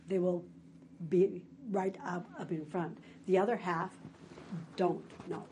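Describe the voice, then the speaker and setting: A woman's voice: fairly low pitch, steady tone, unhurried, mellow, a little hiss or hum. A woman presenting a workshop on dementia care, acting out what a caregiver might say. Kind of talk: workshop talk.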